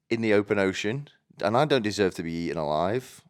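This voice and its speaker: A man delivering a rambling comedic monologue in a deadpan way, often stumbling and restarting his sentences. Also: lowish voice, brisk, hardly any pauses. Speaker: comedy vlogger.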